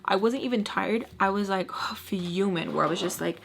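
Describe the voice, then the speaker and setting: A young woman vlogging a casual storytime while doing her makeup, full of likes and quick restarts. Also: medium pitch, gravelly, a bit bright, breathy edge. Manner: chatty, many likes and restarts; voices others in quoted bursts.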